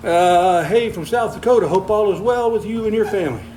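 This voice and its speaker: A man's voice: high-pitched, brisk, a little mellow, soft background music, poor audio. An older man, chatting casually on a livestream, reading viewer comments while walking on a treadmill, folksy and easygoing, slightly out of breath. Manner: folksy, easygoing, chuckles often.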